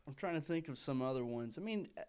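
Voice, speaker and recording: An easygoing man co-hosting a casual podcast chat, his pitch jumping around a lot. He laughs along often and keeps a loose, relaxed flow. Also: fast talker, clear, resonant tone. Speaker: podcast co-host.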